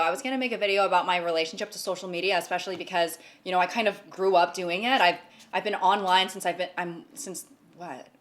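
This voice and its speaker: A woman's voice: fairly high pitch, a bit bright. A woman in her twenties chatting casually to her viewers, rambling with lots of fillers and some swearing while she snacks. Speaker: YouTuber. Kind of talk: casual chat.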